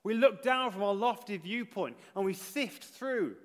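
A man preaching a sermon in an earnest manner, rising to emphatic repetition and then dropping low. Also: lively intonation, measured pace, long reverb tail.

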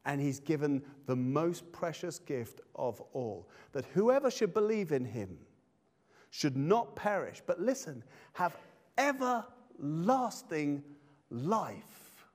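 Slow, reflective male preacher. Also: fairly high pitch, sing-song, a little mellow. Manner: slow, reflective, repeats phrases for emphasis. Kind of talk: sermon.

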